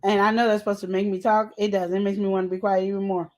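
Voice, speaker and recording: A woman's voice: medium pitch, flat delivery, fast talker, darkish tone. A middle-aged woman co-hosting a podcast, talking casually and animatedly, telling stories from home in a colloquial way. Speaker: podcast co-host. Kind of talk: casual advice chat.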